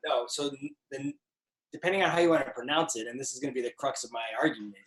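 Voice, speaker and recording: A man's voice: mid-range voice, quick pace, a bit bright, echoey room, slight background noise, poor audio. A man co-hosting a casual video call chat, playfully explaining things at length. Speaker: co-host.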